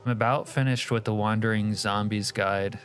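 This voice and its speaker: A man live-streams a game, chatting casually with viewers, reading their messages aloud, and muttering asides about the game while he plays. His voice is on the low side with fairly even intonation at normal speed, and faint music plays behind him.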